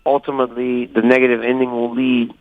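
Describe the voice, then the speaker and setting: A man calling in as a guest fighter, telling stories animatedly and quoting others in lively voices. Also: mid-range voice, brisk, dry recording. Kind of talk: casual phone interview. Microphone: phone call. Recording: dull lo-fi phone line.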